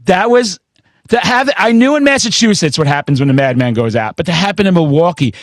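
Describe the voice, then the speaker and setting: A man in his forties hosting a casual metal chat, loud and intense, telling excitable stories with plenty of swearing. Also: sits high, a little fast, no room sound, clean studio sound. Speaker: podcast host.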